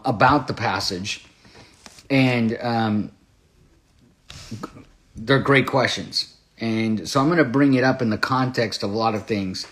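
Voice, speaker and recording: A young-adult man pastor giving an online bible teaching in an earnest, confessional way, with many fillers and restarts. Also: mid-range voice.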